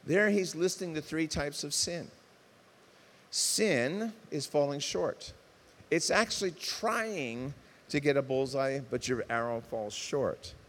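A man preaching a sermon as pastor, impassioned, swinging from loud emphatic outbursts to soft earnest tones. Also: a little high, animated, takes it slowly. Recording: reverberant hall.

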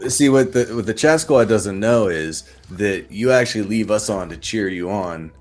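A man's voice: on the low side, normal speed. A man chatting casually on a group show, laid-back and laughing. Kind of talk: casual chat.

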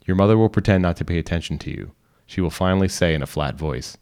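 A man reading a short story aloud in calm, instructional second person. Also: deep voice, fast, clean tone. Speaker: reader. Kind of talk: scripted narration.

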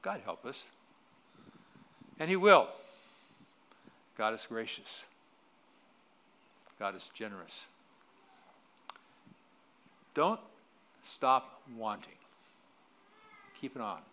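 A middle-aged man preaching a sermon in a church, telling a story with loud emphatic peaks that drop to quiet, then closing in prayer. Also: fairly low pitch, sing-song, drawn-out words, pauses often. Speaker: pastor. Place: church sanctuary.

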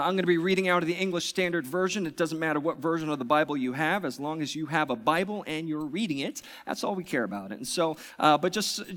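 A man preaching a sermon as pastor, swinging from loud, excited passages to hushed, reverent ones. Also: on the high side.

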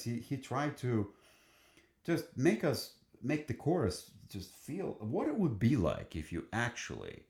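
Medium in pitch, gravelly and a touch mellow, this choir singer's voice echoes in a reverberant room. His conversational storytelling is enthusiastic yet halting, with frequent fillers and sentences he keeps beginning again.

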